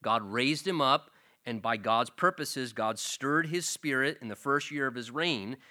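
A man's voice: mid-range voice, unhurried, bright, forceful tone. A man preaching an expository sermon, explaining scripture verse by verse and often repeating words as he goes. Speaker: pastor.

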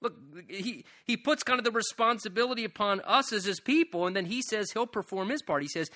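A man's voice: high-pitched, a little fast, bright, forceful tone. A man preaching a sermon, earnestly explaining a psalm verse by verse and building to emphatic appeals. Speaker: pastor.

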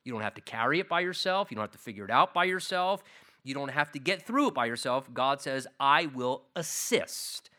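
A man's voice: medium pitch, lively intonation, fast talker, pushed and bright. A man preaching an expository Bible sermon, earnest and repeating key phrases for emphasis. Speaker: pastor.

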